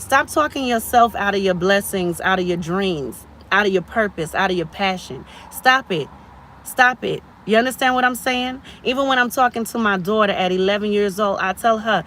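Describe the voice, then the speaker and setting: A woman's voice: medium pitch, a bit bright, slight background noise. A woman in her thirties hosting a motivational live stream, preachy and encouraging, repeating phrases for emphasis.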